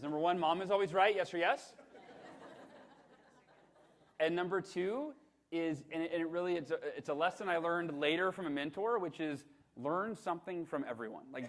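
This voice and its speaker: A man in his thirties giving a motivational keynote, telling animated, self-deprecating stories with acted-out quotes. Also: mid-range voice. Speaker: motivational speaker. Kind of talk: storytelling keynote presentation.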